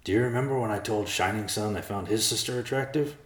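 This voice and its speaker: A man's voice: lowish voice, fast, pitched above the performer's own voice, close to an everyday voice. A man voicing a blunt, grumpy male bear who complains and mutters. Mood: grumbling. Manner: gruff, complaining. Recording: roomy echo.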